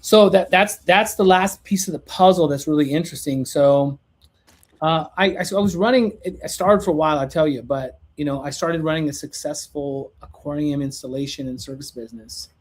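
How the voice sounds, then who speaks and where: A man from California, a podcast guest, telling an animated, lively story and acting out the dialogue in casual chat. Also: a little high, brisk.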